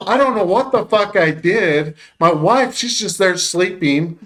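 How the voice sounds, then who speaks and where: A man's voice: high voice, expressive, unhurried, fairly bright tone. A young man casually telling profane stories on a podcast, acting out his own lines as he goes. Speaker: podcast co-host. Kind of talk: casual storytelling chat.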